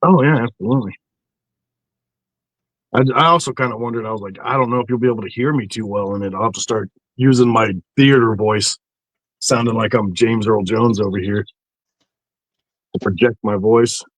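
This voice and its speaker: A man's voice: on the low side, moderate pace, pauses often, no room sound, low-quality recording. A man guesting on a casual live chat, easygoing, laughing often and swearing casually. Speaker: guest, publisher and artist.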